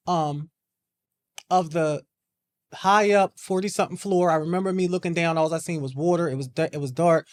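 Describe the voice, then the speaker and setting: A woman's voice: on the low side, dry recording. A woman hosting a podcast, telling a personal story in a casual, repetitive way and often starting with "I remember.". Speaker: podcast host.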